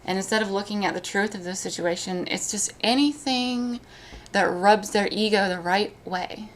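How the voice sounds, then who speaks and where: Woman live-streaming, emotional and halting. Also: medium pitch, slight background noise. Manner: emotional, halting, frequent restarts. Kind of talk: casual live-stream chat.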